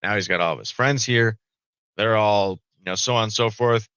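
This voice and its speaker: A man's voice: fairly low pitch, moderate pace, a bit bright, clean tone, dry recording, low-quality recording. A middle-aged man, a podcast guest, telling a story in a casual way, swearing freely and tagging lines with "right?".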